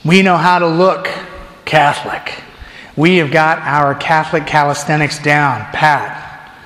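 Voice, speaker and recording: A man preaching a storytelling sermon as a deacon, animated and acting out crowd voices. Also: a little high, measured pace, reverberant, big-room sound. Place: church.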